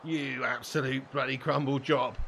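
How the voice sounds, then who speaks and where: A man's voice: medium pitch, steady tone, moderate pace, vocal fry, a bit bright, slight background noise. A young adult man streaming a football video game, trading sweary, mock-aggressive banter with his live chat.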